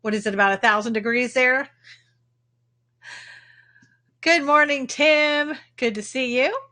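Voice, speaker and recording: A woman's voice: high-pitched, normal speed, pushed and bright. A woman with a Texan accent hosting a casual livestream, chatting and greeting viewers by name as she talks. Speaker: livestream host. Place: home in Texas.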